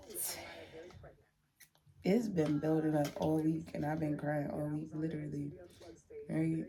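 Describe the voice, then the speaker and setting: A woman's voice: low-pitched, flat delivery, unhurried, long pauses, dark tone. A young woman talking to the camera from her room in a heartfelt, chatty vlog, repeating herself as she speaks. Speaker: vlogger. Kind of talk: emotional casual vlog to camera.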